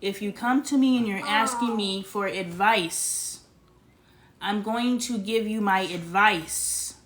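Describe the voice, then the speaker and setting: A woman's voice: mid-range voice, slow pace, crowd noise. A young woman hosting a casual family livestream, talking bluntly in a lecturing tone and swearing freely. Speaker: livestream host.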